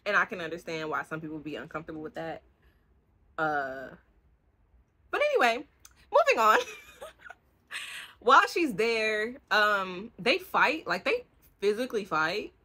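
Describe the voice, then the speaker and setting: Young woman, bright voice, rambling book chat, cusses a lot. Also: mid-range voice. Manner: animated, swearing, acts out the characters' lines in quick bursts. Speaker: book vlogger. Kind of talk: rambling casual book review.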